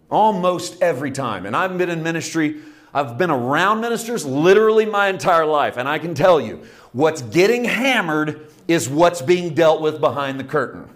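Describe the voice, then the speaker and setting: Animated male preacher telling a parable. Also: on the high side. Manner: animated storytelling, acting out characters, rising to shouts. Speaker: pastor. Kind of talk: sermon.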